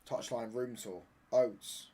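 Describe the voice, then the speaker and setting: A young man with a mid-range voice, chatting live from his room during a football watchalong. He answers viewers' jabs with quick banter and plays up being hard done by. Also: mid-range voice, fairly even intonation, warm tone. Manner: bantering, reads out and answers viewer chat, mock-indignant. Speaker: streamer. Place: home room.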